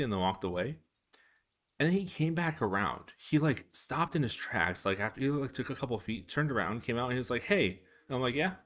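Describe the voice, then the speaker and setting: A young man chatting casually on a live stream while coding, telling stories with a self-amused, animated manner. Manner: animated, self-amused storyteller with laughs and squeaky pitch jumps. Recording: faint music behind.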